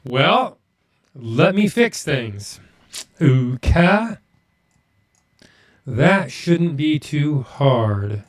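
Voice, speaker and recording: Chatty live-stream host, slightly high voice. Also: male voice, very animated, extremely slow, long pauses. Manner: chatty, greets viewers, mutters to himself while fixing audio. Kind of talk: casual live-stream chat.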